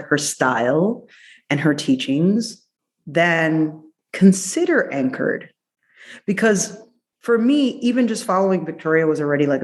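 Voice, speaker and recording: A woman doctor, a guest on a podcast, talking in an effusive, playful way, quick in places and drawn out in others. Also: low voice. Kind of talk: casual interview chat.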